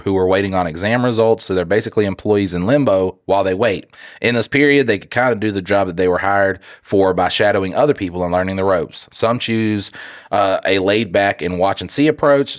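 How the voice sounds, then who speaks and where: A man with a stuffed-up nose talks in a deep, low register, sarcastic and joking as he reads out listener mail. The sound is close and dry, with no room around it. It comes across as loose podcast banter. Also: brisk, no room sound. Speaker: podcast co-host.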